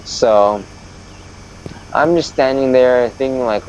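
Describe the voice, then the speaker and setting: A man's voice: mid-range voice, expressive, moderate pace, a little mellow, highs cut off, a little hiss or hum. A male streamer telling a story in a casual, profane, exasperated rant. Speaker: live streamer. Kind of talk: casual storytelling while gaming.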